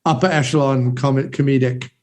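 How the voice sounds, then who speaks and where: A man's voice: mid-range voice, steady tone, moderate pace, a little mellow. Enthusiastic man in his forties, chatting. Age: 40s. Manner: enthusiastic, swears casually. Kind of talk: casual chat.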